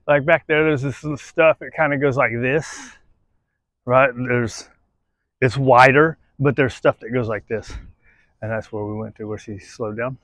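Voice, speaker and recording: Out at a playground jungle gym, a male dog trainer gives casual, on-the-spot commentary as he works a dog, blunt and quick to swear, ending points with "right?" Between explanations he coaxes the dog in a much higher voice. There is no echo.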